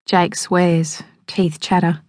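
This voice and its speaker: Woman narrating, low and dry. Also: flat delivery, a little mellow, no echo. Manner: measured, evocative storytelling. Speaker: audiobook narrator. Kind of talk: scripted first-person narration. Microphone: close studio microphone. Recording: dry close studio sound.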